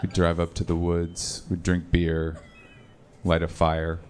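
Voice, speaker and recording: A male stand-up comedian from the Seattle area, doing a conversational live set with deadpan punchlines and loud impressions of angry people. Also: sits low, slow pace, a little hiss or hum. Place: comedy club stage. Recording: live club recording with crowd laughter. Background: audience laughter.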